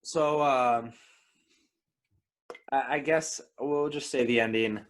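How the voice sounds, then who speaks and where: A man co-hosting a film podcast talks slowly, his mid-range voice keeping a fairly even intonation. He chats about films casually but with firm opinions, frequently repeating his first words as a sentence begins.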